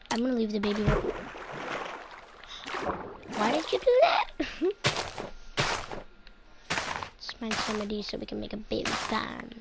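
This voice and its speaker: A woman's voice: medium pitch, gravelly. A woman giving casual gameplay commentary, rambling playfully and often dropping into a whisper. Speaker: gameplay channel host. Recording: loud hiss and clicks on a home mic.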